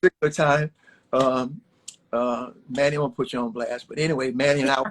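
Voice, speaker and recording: Over a phone on a live video stream, an older Alabama man who once played baseball talks a little fast, his medium pitch holding a steady tone. As an interview guest at home he tells wandering, folksy stories and repeats himself. The audio is poor, with slight background noise.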